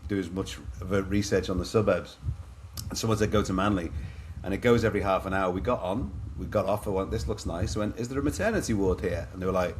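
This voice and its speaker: A man's voice: deep voice, fast talker, a little hiss or hum. A middle-aged man from Liverpool with an English accent, a podcast guest telling his own stories in a chatty, anecdotal way and calling the host "mate". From Liverpool, England. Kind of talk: candid storytelling in a podcast interview.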